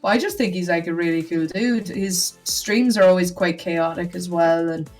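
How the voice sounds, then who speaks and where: A woman's voice: on the low side, moderate pace, a little mellow, far from the mic, soft background music. A young woman, chatting casually as a podcast guest, rambling with lots of fillers. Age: young adult.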